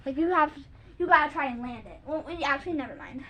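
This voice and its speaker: A woman's voice: sits high, quick pace, pushed and bright, a little hiss or hum. A young girl chattily explaining silly jumping tricks for her video, full of "like" and little sung bits. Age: child. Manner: chatty, giggly, lots of "like", sings silly bits. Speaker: kids' video host. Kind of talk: casual chat showing jump tricks. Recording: dull lo-fi home recording.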